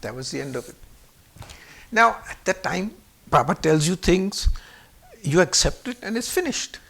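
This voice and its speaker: Older man with a high, gravelly voice. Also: normal speed. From Pakistan. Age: 70s. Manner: animated, acts out quoted speech with shifts in voice. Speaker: guest speaker. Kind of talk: personal storytelling.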